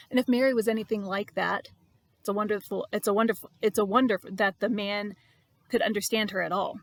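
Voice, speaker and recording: A woman reading her devotional blog aloud in a reflective, expressive way, with emphatic repetition. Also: mid-range voice, normal speed.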